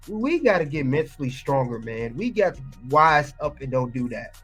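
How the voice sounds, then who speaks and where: A man's voice: medium pitch, very animated, moderate pace, few pauses, fairly bright tone, slightly rough, faint music behind. A man giving casual reaction commentary, emphatic and ranting, often repeating his points.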